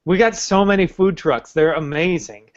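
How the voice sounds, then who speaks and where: A man co-hosting a podcast in casual chat, halting and laid-back, often restarting his sentences. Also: on the high side, highs cut off. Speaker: podcast co-host.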